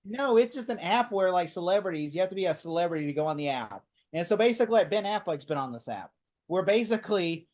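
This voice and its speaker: A man with a somewhat high voice chats casually on a podcast. He retells scenes with animated energy, acts out the characters' lines, and laughs often. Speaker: podcast co-host. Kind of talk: casual chat.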